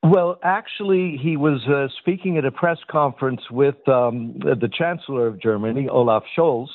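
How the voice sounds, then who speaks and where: A man in his sixties, a guest analyst on a radio news interview, talking in a measured way with many fillers and restarts. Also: mid-range voice, no echo. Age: 60s. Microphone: phone. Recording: tinny phone line.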